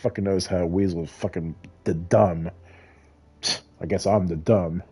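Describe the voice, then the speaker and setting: A man's voice: low-pitched, steady tone, unhurried, warm tone, husky. A middle-aged man telling a heated, profane story in a casual rant while gaming. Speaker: gamer.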